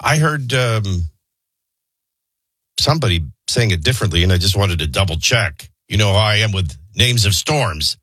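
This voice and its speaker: A man's voice: lowish voice, animated, normal speed, fairly bright tone, husky, no echo, clean studio sound. A middle-aged man hosting a morning talk radio show, delivering opinionated news commentary in a conversational way with many fillers. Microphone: studio microphone.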